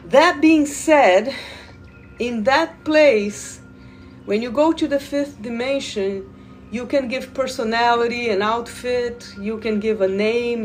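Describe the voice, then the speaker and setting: A woman who guides Reiki, talking slowly and loosely to viewers in a live stream, repeating words and addressing them directly. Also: fairly high pitch, a little mellow. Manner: slow, meandering, repeats words, talks to viewers. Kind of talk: live spiritual stream talk.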